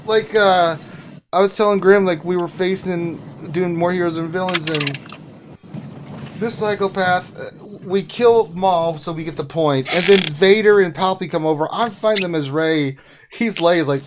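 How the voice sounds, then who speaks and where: Man, fairly high voice, excitable storyteller, laughs a lot, faint background hiss. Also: moderate pace. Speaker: host. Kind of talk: casual livestream chat.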